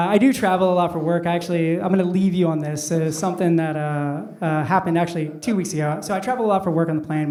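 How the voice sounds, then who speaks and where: This middle-aged comedian's voice sits on the high side with a darkish tone as he chats casually through a stand-up set, dropping "like" again and again. It's captured from a distance in a roomy club, with the crowd laughing along.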